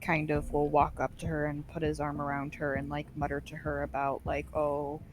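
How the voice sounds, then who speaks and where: A woman with a low, deep voice runs a tabletop game, describing each scene in a loose, casual way. She fills her narration with easy fillers as she sets things up for the players. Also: monotone, brisk. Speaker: game master.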